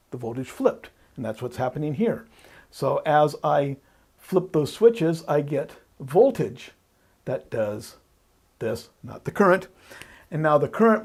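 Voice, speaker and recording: A man with a slightly high, husky voice teaches electronics, walking through each step as he draws. He talks patiently, comes back to the main points and thinks aloud as he goes. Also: a little mellow. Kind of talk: explaining while drawing on a board.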